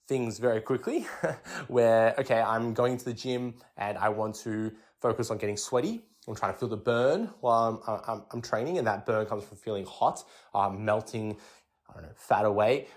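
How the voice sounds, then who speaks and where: A young man, hosting a fitness podcast and explaining things in a relaxed, chatty way, with many fillers and restarts. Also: mid-range voice. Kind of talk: casual explanatory talk.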